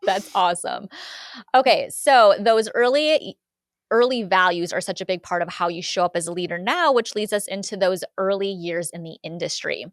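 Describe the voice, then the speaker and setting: A woman's voice: mid-range voice, moderate pace, dry recording, clean studio sound. A woman hosting a conversational podcast interview, who affirms and encourages her guest. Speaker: podcast host.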